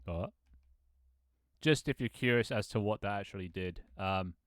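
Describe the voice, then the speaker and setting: A man's voice: fairly low pitch, normal speed, no room sound, studio quality. A man in his twenties chatting casually on a live stream, rambling, laughing often and joking about himself with casual swearing. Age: 20s. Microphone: desk microphone.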